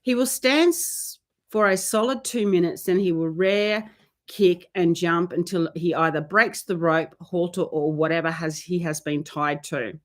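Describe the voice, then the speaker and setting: A woman's voice: fairly low pitch, unhurried. A woman who trains horses, hosting a casual weekly live Q&A and talking in a chatty, easygoing way as she reads out a viewer's question. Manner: chatty, often breaking off to scold her dogs. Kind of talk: casual live-stream chat. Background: dogs barking and playing nearby.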